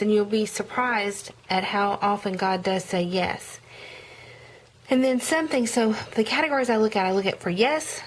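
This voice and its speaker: A woman's voice: mid-range voice, slight background noise, poor audio. A woman talking casually in a vlog, walking through her prayer journal, chatty with frequent ums and self-corrections. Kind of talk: casual show-and-tell vlog.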